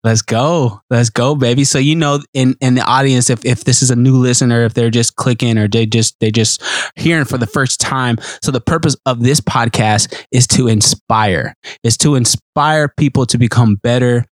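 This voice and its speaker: A man's voice: medium pitch, normal speed, no room sound, clean studio sound. A man hosting his own podcast, hyped and sing-song, repeating himself as he chats. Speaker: podcast host. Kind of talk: casual podcast chat.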